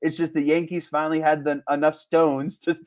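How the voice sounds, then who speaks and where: A man co-hosting a podcast in casual sports chat, animated and laughing often. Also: a little high, moderate pace. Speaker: podcast co-host.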